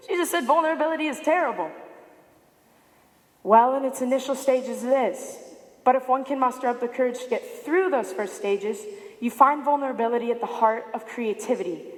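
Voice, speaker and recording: A woman in her late teens giving a prepared speech to an audience, telling a story with animated delivery and acting out quoted lines. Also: on the high side. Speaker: student speaker. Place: large high school arena. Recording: echoey arena with long reverb.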